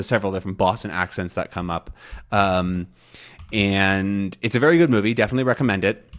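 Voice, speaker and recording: A man teaching English learners in a relaxed, rambling monologue, thinking aloud with many fillers and restarts. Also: fairly low pitch.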